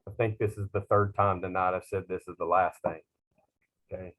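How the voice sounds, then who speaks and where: A middle-aged man, a culinary instructor talking to his class in a slow, rambling, self-teasing way with many fillers. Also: low-pitched, flat delivery, a bit bright. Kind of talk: class talk to students.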